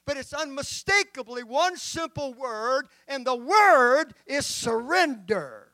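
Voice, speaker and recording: Bishop preaching, high bright voice, dramatic emphatic scripture reading. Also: male voice, animated, slow pace, dry recording. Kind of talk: sermon.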